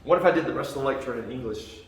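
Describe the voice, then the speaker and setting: A man's voice: mid-range voice, expressive, very fast, a little hiss or hum. A male math teacher lecturing a class in a joking, conversational way, often checking in with his students. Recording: echoey classroom from far off.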